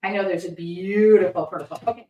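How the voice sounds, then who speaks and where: A woman's voice: fairly low pitch, fairly even intonation, brisk, warm tone, far from the mic. A woman hosting a live art demo, chatting casually and reading viewer comments aloud as she paints. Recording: roomy sound, voice somewhat off-mic.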